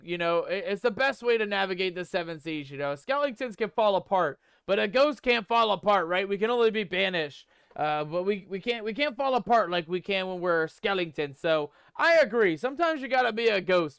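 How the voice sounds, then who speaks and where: A man's voice: sits high, fairly bright tone, smooth, no room sound, clean studio sound. A man playing a swaggering male pirate ghost captain in a game stream, full of pirate slang and playful bluster. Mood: musing.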